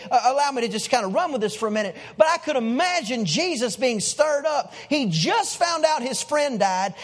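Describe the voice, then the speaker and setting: High-voiced pastor acting out stories. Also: male voice. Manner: animated storytelling, acting out characters' lines. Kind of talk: sermon.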